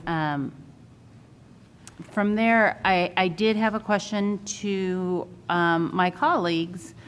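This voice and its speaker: A woman commissioner speaking in a public meeting over a video call, halting, with frequent ums and restarts. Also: low voice, smooth. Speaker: redistricting commissioner.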